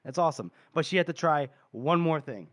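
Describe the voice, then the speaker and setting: A man's voice: fairly high pitch, expressive, brisk, no echo. A podcast co-host retelling book scenes in casual chat. He laughs often and swears.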